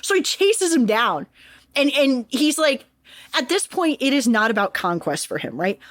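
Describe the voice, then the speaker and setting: A woman's voice: sits high, moderate pace, no echo. A woman co-hosting a podcast, retelling history casually with lots of swearing and jokes. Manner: profane, animated, jokey retelling. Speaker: podcast co-host.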